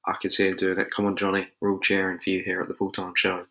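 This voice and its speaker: A man with a deep voice talks through fight predictions as the host of a casual show. He chats loosely and thinks aloud, and his tone is bright and forceful. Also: monotone, quick pace.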